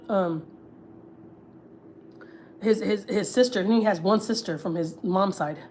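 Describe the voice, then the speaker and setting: A woman's voice: mid-range voice, unhurried, pauses often, darkish tone, slight background noise. A young woman from Texas, a family vlogger, chatting candidly on a livestream, full of swearing and filler words. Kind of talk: casual livestream chat.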